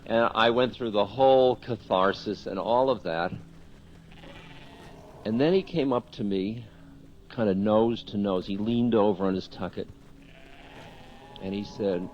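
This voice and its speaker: A man's voice: fairly low pitch, unhurried, long pauses, muffled recording, slight background noise. A man, a spiritual teacher, telling a candid story about himself in a talk, self-mocking and often chuckling.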